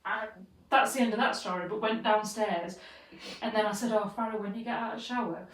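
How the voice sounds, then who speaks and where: A woman co-hosting a podcast, telling a story in a casual, animated way and swearing freely. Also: medium pitch, brisk, recorded from a distance. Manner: animated, swears freely, acts out quoted voices. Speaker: podcast co-host. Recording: roomy sound, away from the mic.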